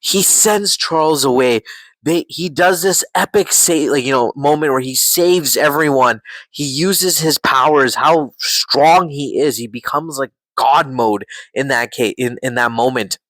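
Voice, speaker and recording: A man reviewing a show in a casual, excitable way, swearing and saying "like" often. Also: medium pitch, measured pace, no echo, low-quality recording.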